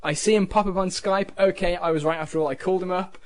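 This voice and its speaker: Brief: man, slightly high voice, chatty author who laughs through his anecdotes. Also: fast talker. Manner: animated, laughs often, swears casually. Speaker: author and podcast guest. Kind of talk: casual storytelling chat.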